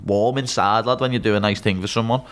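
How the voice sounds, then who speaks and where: With a lowish, smooth voice and a steady tone, this Scouse podcast guest talks fast. He's an MMA fighter from Liverpool in his twenties, candid and blunt, who swears freely and calls everyone "lad".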